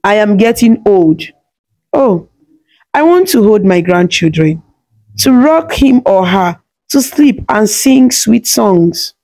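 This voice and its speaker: Storybook role: woman voicing a kind old village grandmother, warm, teasing, mellow tone. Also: medium pitch, lively intonation, slow.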